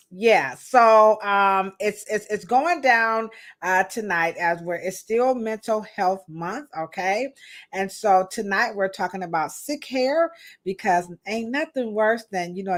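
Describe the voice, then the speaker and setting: A woman in her thirties hosts a live podcast, playfully chatting and saying hello to viewers in the chat. Her voice is medium-pitched with a fairly bright tone, and the feel is a casual livestream.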